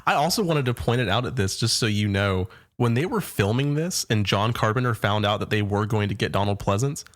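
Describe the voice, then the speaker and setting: A man's voice: fairly low pitch, lively intonation, fairly quick. Man thinking aloud about a film. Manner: careful, repeats words while thinking. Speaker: podcast co-host. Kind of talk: casual film discussion.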